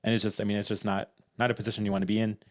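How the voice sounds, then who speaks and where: A young man co-hosting a podcast, talking casually with dry, deadpan teasing. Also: lowish voice, very fast, no room sound. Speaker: podcast co-host. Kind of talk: casual chat.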